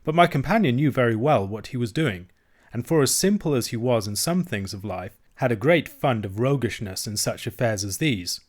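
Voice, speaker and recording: This man reads a classic novel aloud as an audiobook narrator, his mid-range voice delivering scripted narration. The telling stays even and measured throughout.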